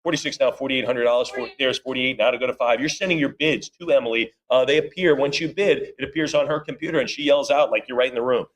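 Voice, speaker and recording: Working a live auction in an auction room, a man calls out bids fast and drops in talkative comments to staff and bidders. His voice is mid-range.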